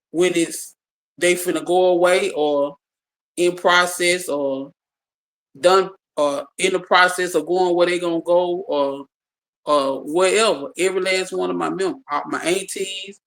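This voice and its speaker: A speaker telling a personal story to a small group in casual talk, animated, repeating and restarting words and acting out the dialogue. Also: medium pitch, low-quality recording.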